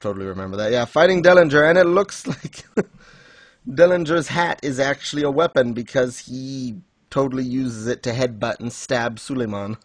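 A man's voice: mid-range voice, normal speed, no echo. A man hosting a casual recap chat, laughing often and acting out quotes. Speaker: podcast host.

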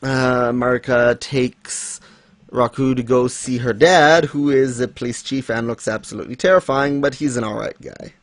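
A man hosting a laid-back discussion, wandering through his points with ums and chuckles. His voice sits at a middle pitch. The recording is dry and close. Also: steady tone, normal speed, no echo. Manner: rambling, with fillers and laughs. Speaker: podcast host. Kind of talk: casual manga discussion.

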